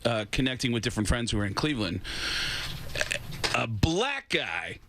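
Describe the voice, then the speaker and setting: A man's voice: medium pitch, normal speed, a little hiss or hum. A male comedian telling stories in casual radio studio chat, acting out the voices of people he quotes. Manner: animated storyteller, acts out quoted voices. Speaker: comedian guest.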